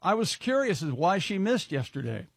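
High husky wisecracking radio co-host. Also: male voice, big pitch swings, normal speed, no echo, studio quality. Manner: wisecracking, teasing. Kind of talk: morning radio banter. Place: radio studio.

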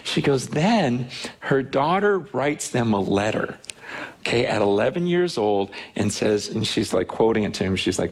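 A man preaching, telling a personal story in an earnest, animated way. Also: mid-range voice, moderate pace, breathy edge. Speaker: pastor. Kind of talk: sermon storytelling.

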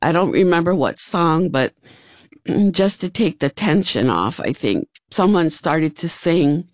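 A woman's voice: low-pitched, lively intonation, a little slow, no room sound. A woman, a hula dancer telling her own story in an earnest, reflective way. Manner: earnest, reflective, recalls events step by step. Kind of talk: personal storytelling. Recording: music playing underneath. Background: background music.

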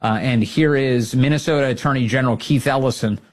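A man's voice: steady tone, a little fast. Fired-up male political talk host. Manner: emphatic, rallying, swings to high pitch when fired up. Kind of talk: opinionated commentary.

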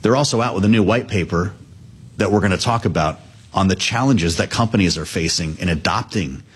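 A man anchoring a live business news show, speaking in a conversational, lively way. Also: sits low, fairly quick, slightly rough.

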